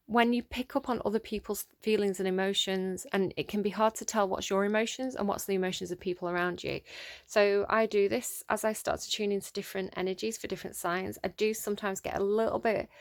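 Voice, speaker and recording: A woman giving a casual tarot reading, thinking aloud with many ums and restarts and growing excited over the cards. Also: medium pitch, dry recording, studio quality. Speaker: tarot reader.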